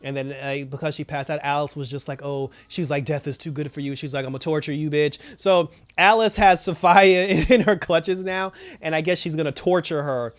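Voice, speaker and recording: A man casually recapping a TV episode, animated and full of fillers like "you know". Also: on the high side, brisk, few pauses. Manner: animated storytelling, many fillers. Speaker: TV episode reviewer.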